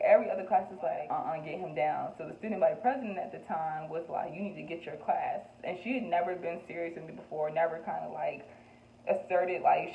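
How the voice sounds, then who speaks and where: Young woman vlogging, chatty and candid, kinda low voice, sounds like a tinny phone line in an echoey room. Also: a little hiss or hum. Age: young adult. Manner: chatty and candid, laughs often, fillers like "like" and "um". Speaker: vlogger answering get-to-know-me questions. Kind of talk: casual chat.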